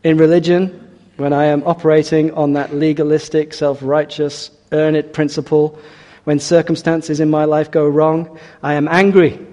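A man's voice: fairly high pitch, little pitch movement, moderate pace, warm tone. A man preaching a sermon in an earnest way, with rhetorical questions and hesitant restarts. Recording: long hall reverb.

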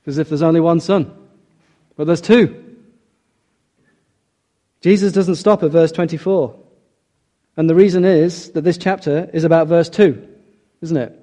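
A middle-aged man delivers a sermon with earnest emphasis, leaning on rhetorical questions. His voice sits slightly high yet sounds warm and mellow. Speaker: preacher.

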